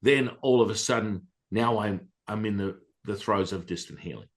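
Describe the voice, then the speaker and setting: A man telling a personal story as a podcast guest, animated and excitable, with casual profanity. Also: on the low side, moderate pace.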